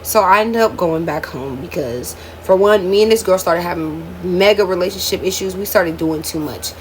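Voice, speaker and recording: A woman's voice: on the low side, moderate pace, slight background noise. A woman in her twenties telling her life story to viewers in a casual storytime vlog, emotional and candid, often calling out "y'all.". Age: 20s.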